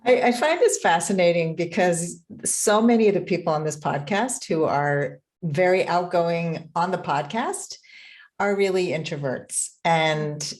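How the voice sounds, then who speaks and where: A woman hosting a podcast interview, speaking in a warm, measured way. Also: on the low side. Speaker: podcast host. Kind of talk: casual interview.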